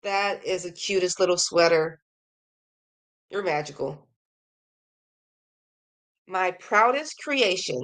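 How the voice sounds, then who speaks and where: A woman with a fairly low, fairly bright voice takes things slowly, pausing often, her intonation lively. She hosts a crochet podcast and chats enthusiastically through viewer emails, gushing over their work. Her voice is slightly worn and fading.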